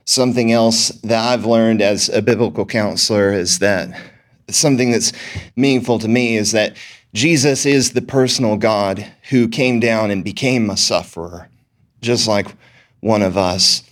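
A man's voice: lowish voice, a little slow. A man from the audience earnestly asking the panel a question, with some hesitation.

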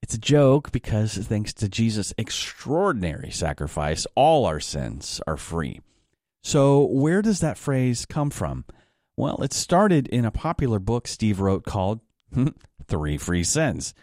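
Male announcer, friendly scripted promo with a wry touch, low voice, dry booth sound. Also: very animated, slow pace, a little mellow, dry recording. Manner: friendly, lightly joking read. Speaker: program announcer.

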